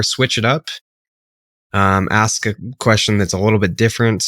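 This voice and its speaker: A man with a lowish voice talks through a sales pitch in a loose, casual coaching way. He fills gaps with ums and rights as he explains, and the recording is close and dry with no room sound. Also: normal speed, no room sound. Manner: relaxed, filler-heavy, explains step by step.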